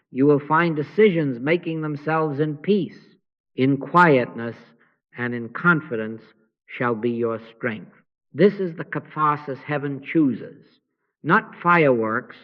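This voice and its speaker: Calm measured man, slightly muffled. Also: on the high side. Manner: slow, measured and calm, with frequent pauses. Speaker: spiritual teacher. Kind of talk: meditative spiritual address.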